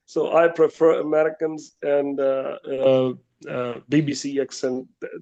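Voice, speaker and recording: A man joining an English practice video call, speaking politely and formally and pausing often on uh fillers. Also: on the high side, flat delivery, dark tone, lo-fi sound. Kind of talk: casual group video call chat.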